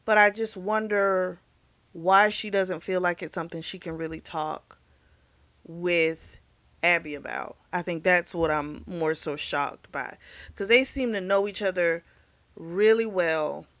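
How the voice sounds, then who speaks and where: A woman's voice: lowish voice, unhurried, a bit bright, no echo. A woman hosting a casual book review, retelling a novel's plot in a chatty way and acting out the characters' lines.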